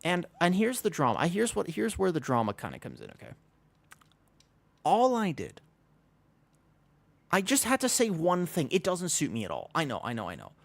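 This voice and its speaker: A man's voice: a little high, huge pitch swings, moderate pace, gravelly, long pauses. A man chatting casually to his live stream audience, rambling with frequent restarts.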